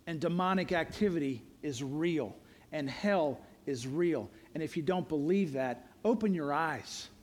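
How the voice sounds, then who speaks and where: A man with a high, bright voice preaches a sermon, earnest and emphatic. He leans on repeated refrains and drives each point home to the congregation. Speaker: pastor.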